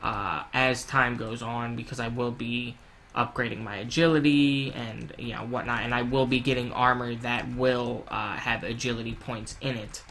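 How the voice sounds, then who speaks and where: A young man giving casual, rambling gameplay commentary at home, swearing freely and yelling in panic when things go wrong. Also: medium pitch, little pitch movement, normal speed, a little hiss or hum. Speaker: gaming YouTuber.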